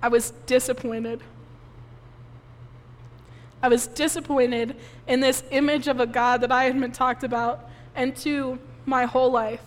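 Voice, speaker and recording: A woman pastor preaching a sermon, giving an emotional personal testimony while crying softly. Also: high-pitched, little pitch movement, measured pace, pauses often. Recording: long reverb of a hall.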